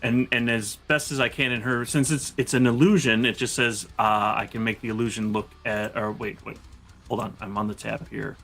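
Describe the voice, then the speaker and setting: A man's voice: mid-range voice, little pitch movement, moderate pace, a bit bright, faint music behind. A man playing a tabletop game over a voice call, rambling and checking the rules aloud. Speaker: player. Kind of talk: casual tabletop game play.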